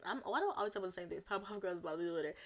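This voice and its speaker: A young woman hosting a solo podcast, talking in a chatty, rambling way with animated asides. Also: lowish voice, very fast. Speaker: podcast host. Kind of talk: casual solo chat.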